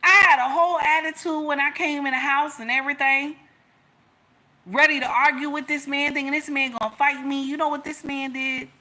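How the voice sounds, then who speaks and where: A woman shares her own story as relationship advice to her listeners. She talks emphatically, repeating key lines and calling them y'all. Her voice is bright and forceful, set a little high. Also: steady tone, a little fast. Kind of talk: personal storytelling to an audience.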